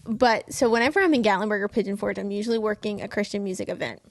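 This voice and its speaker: A woman's voice: medium pitch, fast. A woman co-hosting a faith podcast, chatting in an upbeat, casual way. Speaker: podcast co-host. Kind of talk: casual chat.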